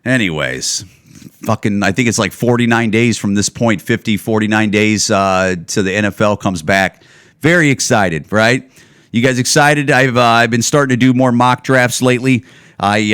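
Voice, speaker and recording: Profane, ranting male podcast host. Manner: swings to loud, high-pitched outbursts when worked up. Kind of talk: casual solo podcast rant.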